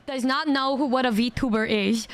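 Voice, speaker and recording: Woman, high voice, casual storytelling, stammering, acts out quotes. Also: measured pace, clear, resonant tone. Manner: rambling, stammers and repeats words, quotes others in animated voices. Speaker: streamer.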